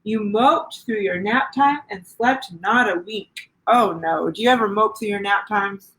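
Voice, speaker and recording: A middle-aged woman pastor reading a children's picture book aloud, gentle and sing-song, pausing to ask the little ones questions. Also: medium pitch, low-quality recording.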